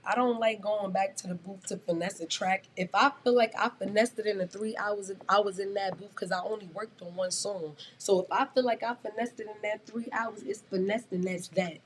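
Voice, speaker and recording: A young woman in her twenties talks through a casual podcast chat. Her pitch sits in a middle range for a woman. She is blunt and emphatic and swears freely, over a faint hum of background noise. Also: fairly even intonation, fairly quick, hardly any pauses. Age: 20s. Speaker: guest rapper.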